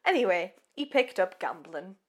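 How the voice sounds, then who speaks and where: A woman's voice: on the low side, sing-song, normal speed, breathy edge. A woman co-hosting a casual true-crime podcast, telling the story in a chatty, giggly way with many ums. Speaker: podcast co-host.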